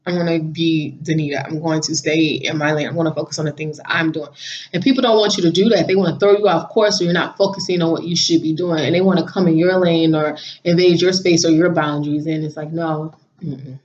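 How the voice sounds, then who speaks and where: A woman vlogging casually, telling a story in a chatty, animated way and laughing now and then. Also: deep voice, brisk. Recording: slightly dull lo-fi audio.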